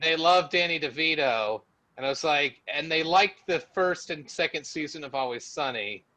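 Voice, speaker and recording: A man co-hosting a podcast in casual chat, excitable, laughing often and swearing casually. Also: a little high, moderate pace, dry recording, low-quality recording. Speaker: podcast co-host.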